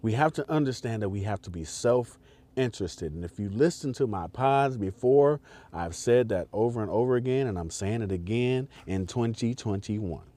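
A man's voice: lowish voice, expressive, moderate pace, dark tone. Guy on his podcast going off, preachy and repetitive, swears a lot, voice all over the place. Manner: emphatic, repetitive, profane, preaching directly to listeners. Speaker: podcast host. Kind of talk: impassioned political commentary monologue.

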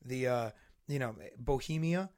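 A man's voice: mid-range voice, measured pace, a little mellow. A man in casual chat, rambling with many restarts and frequent swearing. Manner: rambling, profane, hesitant restarts.

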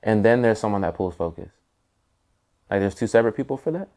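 A man's voice: on the low side, animated, fast talker, dark tone. A man hosting a podcast, asking easygoing, curious questions in casual chat. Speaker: podcast host.

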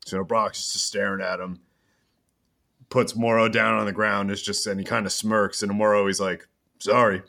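A man hosting a podcast who chats casually while recapping a wrestling show in an animated, storytelling way. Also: fairly low pitch, vocal fry. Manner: animated storytelling, quick asides. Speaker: podcast host.

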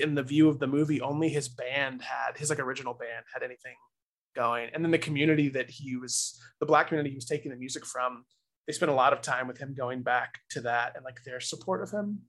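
A man's voice: mid-range voice, low-quality recording. A man co-hosting a podcast, chatting casually in a joking, rambling way with restarts. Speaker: podcast co-host. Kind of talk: casual chat.

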